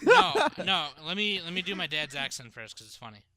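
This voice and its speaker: A man's voice: high voice, wildly swooping pitch, brisk, sharp tone. A young man hosting a podcast in casual chat, a little tipsy, jokey and swearing a lot. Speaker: podcast host.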